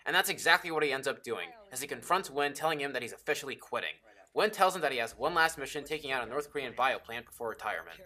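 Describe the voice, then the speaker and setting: A man's voice: medium pitch, animated, fast, bright, forceful tone. A man giving a casual, enthusiastic film review, swearing freely and dropping jokey asides.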